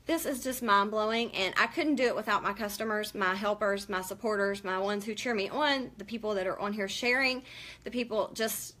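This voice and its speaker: A woman's voice: medium pitch, fairly quick, pushed and bright. A woman hosting a casual live-stream makeup tutorial, chatty and emotional as she greets viewers by name.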